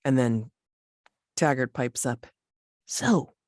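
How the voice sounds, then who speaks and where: A woman running a tabletop game as game master, narrating slowly and hesitantly, with many restarts. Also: extremely low pitch, lively intonation, dry recording, clean studio sound.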